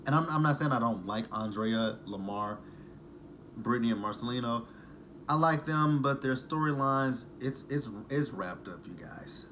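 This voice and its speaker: A man's voice: medium pitch, animated, moderate pace, fairly bright tone, a little hiss or hum. A man with a mid-range voice talks casually into the camera, sarcastic and loose. He swears now and then and keeps a chatty, mocking tone as he recaps the show. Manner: chatty, sarcastic, uses profanity. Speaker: reality TV recap host. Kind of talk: casual reaction vlog.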